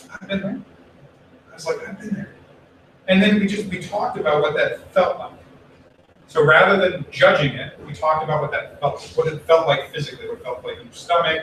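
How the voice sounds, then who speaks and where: Guy giving a chatty buddhist sermon, kinda high voice, super echoey hall, mic far off. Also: brisk, a bit bright. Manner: chatty, acts out quoted voices, swears casually. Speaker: Buddhist minister. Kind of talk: casual storytelling sermon. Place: temple hall. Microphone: distant room mic. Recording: very echoey hall, from far off, faint room noise.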